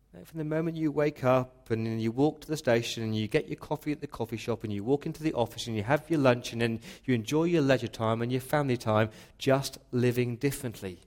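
A male pastor delivers a sermon with earnest emphasis, pressing his points and often restarting a word before carrying on. His voice sits at an ordinary middle pitch. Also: darkish tone.

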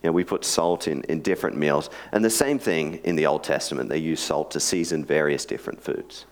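A man's voice: very deep voice, fairly quick. A man giving a sermon, telling a joke story in a chatty way with joking asides before praying and teaching. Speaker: preacher.

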